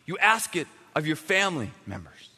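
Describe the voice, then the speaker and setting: A man preaching a sermon as a pastor, emphatic and animated, swinging from loud bursts to quiet, intimate lines. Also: fairly high pitch, moderate pace, husky. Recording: long reverb of a large hall.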